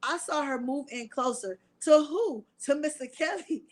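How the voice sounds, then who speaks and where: A woman's voice: sits high, normal speed. A woman reading court testimony aloud on camera and commenting on it to her viewers in a casual, chatty way. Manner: breaks into laughter while reading, talks to viewers as y'all; prays aloud for composure. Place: at home, alone on camera.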